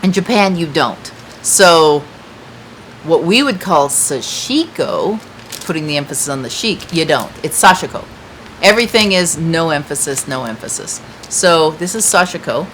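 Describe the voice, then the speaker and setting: A woman's voice: low-pitched, animated, moderate pace, fairly bright tone, slight background noise, rough recording. A woman hosting a casual chat to viewers from a patio, talking in a chatty, rambling way with many fillers. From United States. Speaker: craft shop host. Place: outdoor patio.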